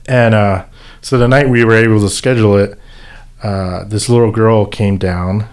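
Speaking as a volunteer who organizes events, a man tells a casual story loosely and ramblingly, stopping, restarting and using plenty of fillers. His voice is a little low and his pace brisk.

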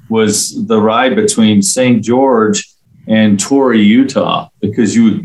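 On a low-quality recording, a middle-aged Englishman with a fairly low voice chats casually as an interview guest. A local resident, he rambles through friendly stories, using plenty of fillers.

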